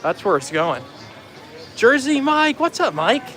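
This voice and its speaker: A man's voice: very high-pitched, very animated, measured pace, a bit bright. A man hosting a casual live vlog outdoors in a theme park. He chats freely on a handheld phone and greets viewers by name as he walks. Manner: chatty, greets viewers by name while walking. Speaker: livestream host.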